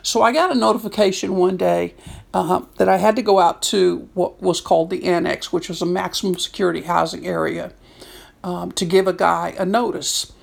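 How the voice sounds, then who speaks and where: A woman in her sixties, a prison chaplain, telling stories in an animated way and acting out what people said. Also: lowish voice, normal speed, vocal fry. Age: 60s. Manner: animated storyteller, acts out quotes. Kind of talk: storytelling talk.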